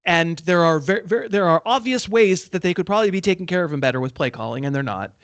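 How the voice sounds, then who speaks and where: Animated man hosting a sports betting chat. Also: high voice, quick pace, no room sound, highs cut off. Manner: animated, chuckling, self-deprecating. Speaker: sports betting podcast host.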